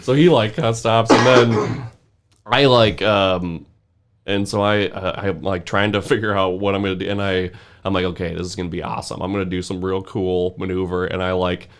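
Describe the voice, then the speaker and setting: A man's voice: low-pitched, moderate pace, a little hiss or hum. A young man telling a wild story as a podcast guest, laughing often and packing his talk with "like". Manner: animated, laughing, full of "like" fillers. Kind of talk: casual storytelling.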